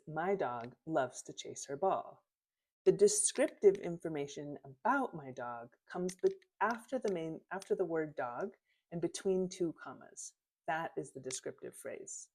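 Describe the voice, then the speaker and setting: A woman teacher explaining punctuation in a clear, step-by-step way, reading example sentences aloud with their punctuation marks. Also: sits low, warm tone. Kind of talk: lesson on punctuation.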